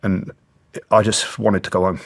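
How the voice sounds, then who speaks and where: A man's voice: lowish voice, flat delivery, moderate pace, creaky. A middle-aged British man, a former soldier, telling war stories bluntly and emotionally in an interview, swearing heavily. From Britain. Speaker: guest, former special forces soldier. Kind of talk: candid interview storytelling.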